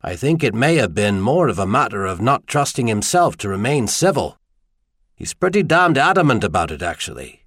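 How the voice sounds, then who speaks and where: A man's voice: medium pitch, big pitch swings, normal speed, fairly bright tone, husky, no room sound. A man voicing a stern young emperor who speaks dryly and plainly. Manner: dry, stern. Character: stern, dry-witted male emperor.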